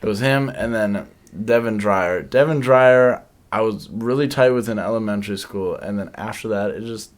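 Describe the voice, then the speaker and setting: A young man with a fairly low voice chats on a casual talk show. He rambles in slang and laughs between words. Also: moderate pace. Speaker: podcast co-host. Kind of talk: casual chat.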